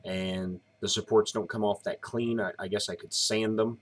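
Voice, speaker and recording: A man's voice: lowish voice, normal speed. Tired, rambling man. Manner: relaxed, rambling, explains step by step. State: tired, yawning. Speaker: live-streaming maker. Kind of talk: casual live-stream chat.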